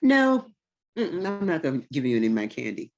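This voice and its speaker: A woman voicing her stubborn young girl cousin, who firmly and smugly refuses to share her candy. The girl's voice is higher and louder than the storyteller's own. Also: expressive, fast talker, dull audio. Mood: refusing. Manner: firm, refusing, smug.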